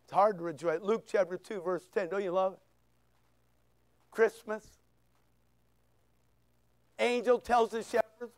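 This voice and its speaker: A man preaching a sermon as pastor, full of rhetorical questions, swinging between loud bursts and hushed asides. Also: high-pitched, unhurried, long pauses, smooth, dry recording. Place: church.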